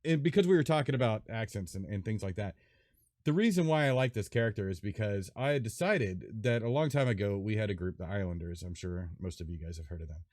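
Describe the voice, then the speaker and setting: A man hosting a casual gaming podcast, rambling and animated with lots of fillers. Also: fairly low pitch, quick pace, no echo, clean studio sound. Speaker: podcast host. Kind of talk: casual chat.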